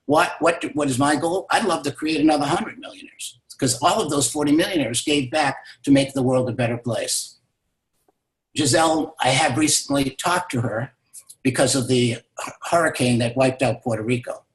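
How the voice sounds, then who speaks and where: A man's voice: medium pitch, normal speed. Emphatic man telling a motivational story. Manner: emphatic, repetitive for stress. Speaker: guest, business mentor. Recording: roomy echo.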